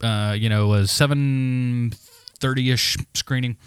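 A man co-hosting a podcast, telling a story in a casual, animated, heavily profane rant. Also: medium pitch, slow pace, smooth, no echo, studio quality. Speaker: podcast co-host.

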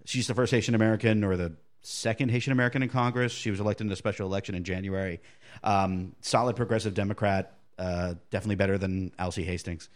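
A man with a fairly low voice co-hosts a relaxed podcast. He tells stories in a loose, rambling way and keeps restarting his sentences. His delivery stays conversational throughout. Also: fast. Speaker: podcast co-host. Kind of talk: casual chat, storytelling.

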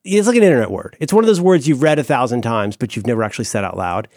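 Rapid-fire and animated, a middle-aged man co-hosting a casual, comedic podcast gushes and stammers, restarting sentences in a mock-wistful tone. His voice is mid-range. The studio-quality audio has no echo.

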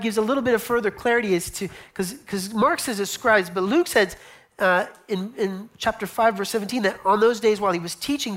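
A woman preaching from the pulpit. She tells the story like she is standing inside it, acting out the people's words and hushing to a whisper for the quiet moments. Her phrases come with quick repetitions and restarts. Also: medium pitch. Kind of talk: sermon.

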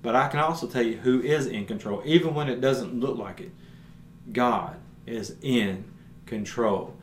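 A man's voice: medium pitch, fairly quick, slight background noise. A man teaching a Bible passage on his podcast. He retells scripture earnestly in plain everyday words. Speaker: podcast preacher. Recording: roomy echo.

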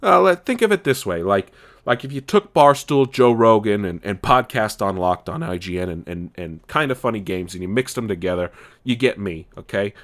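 A man's voice: lowish voice, lively intonation, normal speed. A man hosting his own podcast, rambling and stammering through frequent restarts, blunt and swearing as he talks casually. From California. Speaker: podcast host. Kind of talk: casual solo podcast monologue.

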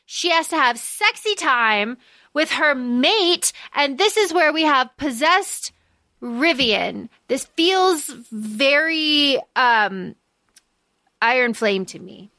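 A woman co-hosting a casual book-discussion podcast, recapping the plot in quick animated bursts. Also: sits high, no room sound. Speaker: podcast co-host.

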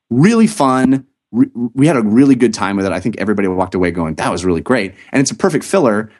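An upbeat man with a somewhat low voice hosts a relaxed podcast. He talks in a loose, rambling way, stumbling over his words and restarting sentences in his excitement. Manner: enthusiastic, rambling with many restarts. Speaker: podcast host. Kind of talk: casual podcast chat.

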